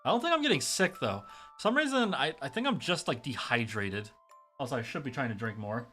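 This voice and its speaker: A man's voice: mid-range voice, very animated, a little fast, sharp tone, faint music behind. A man streaming a story game, chatting casually with many fillers and swearing, with a sore throat.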